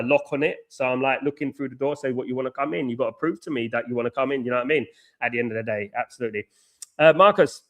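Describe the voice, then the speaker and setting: Man, outspoken, animated, live stream host, middle pitch. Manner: outspoken and animated, repeats "you know what I mean". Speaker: fan channel host. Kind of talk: live watchalong chat.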